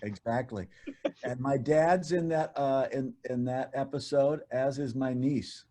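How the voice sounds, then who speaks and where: Mellow-voiced man reminiscing. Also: medium pitch, measured pace. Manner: relaxed, reminiscing, self-deprecating. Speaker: guest, animation writer and voice actor. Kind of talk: casual chat.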